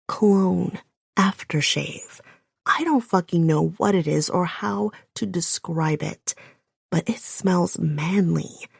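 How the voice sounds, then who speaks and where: A woman's voice: on the low side, vocal fry, a little mellow, breathy edge, no echo, studio quality. A woman reading a first-person audiobook, breathless and often dropping to a whisper. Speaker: audiobook narrator.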